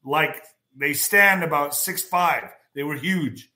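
A man hosting a show, telling a rambling, anecdotal story in a casual monologue and often clearing his throat. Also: on the high side, slow, sharp tone.

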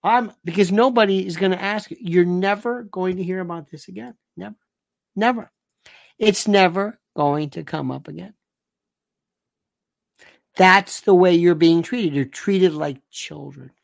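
A woman's voice: fairly low pitch, unhurried, vocal fry, no room sound, clean studio sound. A woman giving a political commentary monologue, indignant and sarcastic, who hammers points by repeating phrases. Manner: sarcastic and scornful.

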